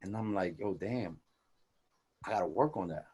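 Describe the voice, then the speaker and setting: A young man co-hosting a casual podcast, talking in animated, profane street slang and acting out quoted conversations. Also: sits low, moderate pace, breathy edge. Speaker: podcast co-host.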